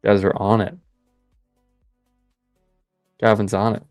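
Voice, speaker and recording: A young man hosting a live trading stream, chatting with viewers and cheering the market on in excited bursts. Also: lowish voice, slow pace, no echo, studio quality, faint music behind. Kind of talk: live trading commentary with chat.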